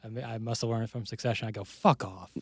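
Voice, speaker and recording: A man's voice: mid-range voice, monotone, racing, a little mellow, dry recording. A young man with a mid-range voice chats easily as co-host, laughing along and agreeing. He is recorded dry and close. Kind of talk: casual podcast chat.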